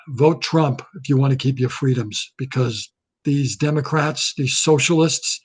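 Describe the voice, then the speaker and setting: A man's voice: a little high, animated, measured pace, breathy edge. A man delivering a satirical political rant to camera, heated and indignant, repeating himself, recorded on a webcam. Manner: heated, repetitive, indignant ranting. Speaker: comedic ranter. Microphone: webcam or laptop camera.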